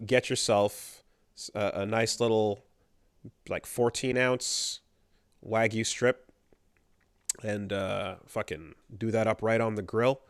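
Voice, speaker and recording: A man with a voice on the low side co-hosts a podcast, reading listener emails aloud and chatting in a relaxed, casual way. The sound is clean studio audio with no room sound.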